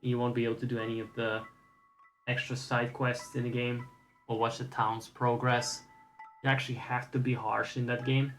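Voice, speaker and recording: A man's voice: medium pitch, flat delivery, normal speed, fairly bright tone, faint music behind, rough recording. A man streaming a game, casual commentary, wry and profane with rambling asides.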